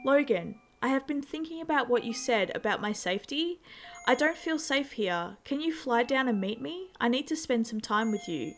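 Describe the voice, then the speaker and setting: A calm, dismissive young woman, read by a female narrator. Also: fairly high pitch, moderate pace, a little hiss or hum. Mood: uneasy.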